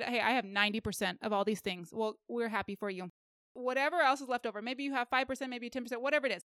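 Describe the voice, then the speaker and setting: A woman's voice: on the high side, fairly bright tone, clear, resonant tone, no echo, studio quality. A woman co-hosting a faith-based self-help podcast, talking to listeners in a direct, upbeat and encouraging way. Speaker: podcast co-host.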